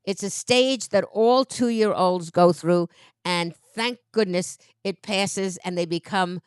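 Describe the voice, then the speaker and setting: A woman's voice: on the low side, slow pace, clean tone, no echo, clean studio sound. A woman in her nineties giving patient, motherly advice in a casual chat. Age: 90s. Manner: motherly, patient, gently instructive.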